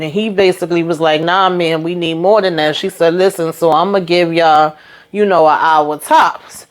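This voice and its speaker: A woman with a slightly low voice recaps a TV drama in a chatty, casual way. She acts out the characters' lines in quick quoted voices and keeps breaking off for her own asides. A slight cold sits in her voice. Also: fairly even intonation. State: coming down with a cold. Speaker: TV recap host.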